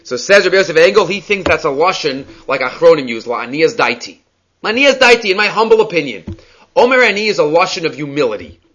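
A man's voice: a little high, sing-song, fast, a bit bright. A man teaching a Talmud lecture, explaining step by step and mixing Hebrew and Aramaic terms into English. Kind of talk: daf yomi Talmud lecture. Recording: dull lo-fi audio.

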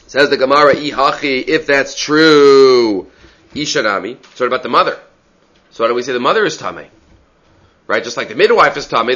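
A man's voice: medium pitch, pushed and bright. A man giving a Talmud lecture, explaining step by step and often checking in with a rhetorical "right?". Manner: explanatory, asks rhetorical "right?" often, mixes Aramaic terms. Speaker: Talmud teacher. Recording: dull lo-fi recording.

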